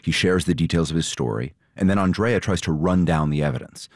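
A man reporting, reading a scripted story narration in a measured, steady way and interviewing guests. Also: low-pitched, no room sound, studio quality. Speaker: reporter and host.

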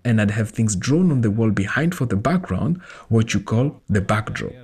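A man reads an English voice-over translation of an interview. His voice is husky with a breathy edge, and he keeps a calm, measured storytelling pace. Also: on the low side.

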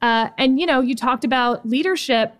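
A woman in her forties from Texas, co-hosting and talking candidly in an animated conversational discussion. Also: high-pitched, normal speed, no echo, clean studio sound. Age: 40s. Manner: animated, candid, chatty with many fillers. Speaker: podcast co-host.

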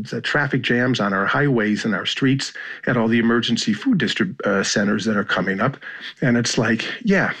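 An American man with a slightly husky voice talks through his experiences in an interview. He is measured and reflective and often pauses to restart a thought. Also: mid-range voice, a bit bright. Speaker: journalist and author. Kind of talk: interview answers, reflective storytelling.

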